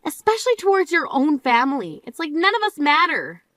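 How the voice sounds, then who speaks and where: Grieving older sister played by a woman, high voice, reproachful, scolding, drama voice acting. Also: sing-song, brisk, fairly bright tone, dry recording. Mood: furious.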